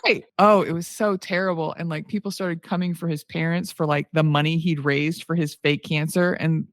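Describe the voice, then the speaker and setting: A woman's voice: low voice, steady tone, normal speed, no room sound. A woman co-hosting a podcast in casual chat, telling stories and acting out what people said. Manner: storytelling, acts out quoted people. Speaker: podcast co-host.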